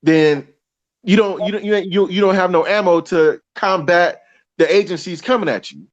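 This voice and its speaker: A man's voice: high-pitched, moderate pace, highs cut off. A man talking as a guest in a casual conversation, heated and preachy, firing off rhetorical questions.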